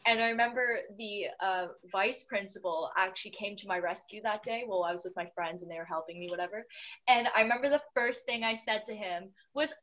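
A young woman chatting casually, an animated storyteller who laughs often. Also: medium pitch, fairly quick, muffled recording. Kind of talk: casual chat.

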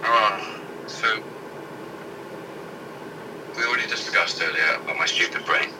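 A man's voice: low voice, a little fast. A man co-hosting casual banter, reading news headlines aloud in an irreverent, sweary way and stumbling over the words. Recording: distant mic with loud background noise.

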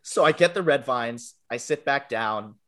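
A man's voice: mid-range voice, measured pace, bright, forceful tone. A young man telling a funny anecdote over a video call, rambling and self-deprecating, often restarting sentences. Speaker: storyteller guest on a game show.

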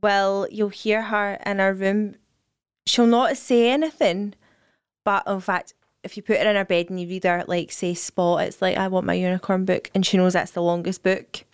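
A woman's voice: medium pitch, steady tone, normal speed, clean tone, no echo, studio quality. A woman co-hosting a casual podcast, talking bluntly and matter-of-factly about her daughter's bedtime. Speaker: podcast co-host. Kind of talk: casual chat.

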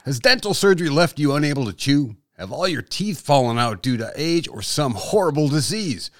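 A man's voice: a little high, sing-song, normal speed, no room sound. A man voicing a male commercial announcer with a polished ad-read delivery. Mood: salesy.

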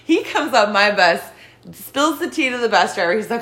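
A woman co-hosting a casual podcast, telling bus-driving stories in an animated way, laughing often and acting out quotes. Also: on the high side, normal speed. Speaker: podcast co-host, bus driver. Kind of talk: casual storytelling chat.

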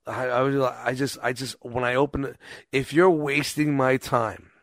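A man chatting casually on a podcast, blunt and profane, telling animated stories. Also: mid-range voice, moderate pace, no room sound. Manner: blunt, swears constantly, animated storytelling.

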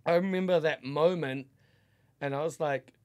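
Higher-voiced New man, heartfelt. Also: normal speed, a little mellow. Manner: heartfelt, rambling, heavy swearing and fillers. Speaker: guest. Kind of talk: casual podcast chat.

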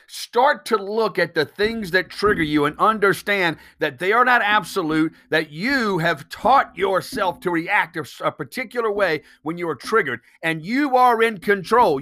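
A man's voice: high-pitched, pushed and bright. A man hosting a solo podcast, talking bluntly and emphatically, swearing freely and firing off rhetorical questions. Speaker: podcast host.

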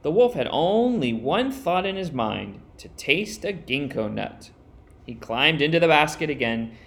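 A man reading a children's picture book aloud as storyteller, expressive and with dramatic pauses. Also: a little high, gravelly.

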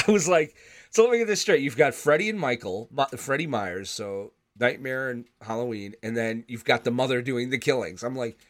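A man co-hosting a casual podcast chat, animated and jokey. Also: mid-range voice, normal speed.

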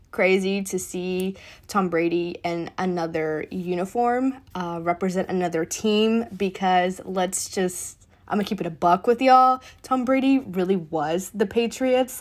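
A young adult woman hosting a podcast, ranting in casual sports commentary with heated, profane, animated talk. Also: medium pitch. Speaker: podcast host.

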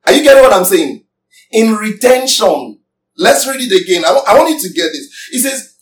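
A man's voice: high voice, very animated, moderate pace, recorded from a distance. A man preaching a sermon emphatically, asking his congregation questions as he teaches. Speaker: pastor. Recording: echoey room, voice from off mic.

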